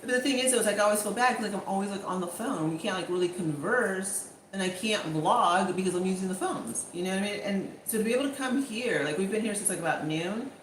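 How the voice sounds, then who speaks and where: A woman's voice: medium pitch, quick pace, few pauses, a little hiss or hum. A woman vlogger chatting casually, her speech loose and full of fillers. Her voice sits in a middle register. The room is echoey, with faint ambience behind her. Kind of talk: casual chat.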